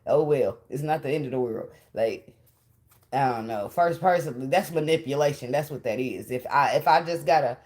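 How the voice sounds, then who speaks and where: A woman's voice: very deep voice, moderate pace, darkish tone. A woman giving a casual tarot reading, blunt and profane, laughing often as she talks. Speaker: tarot reader.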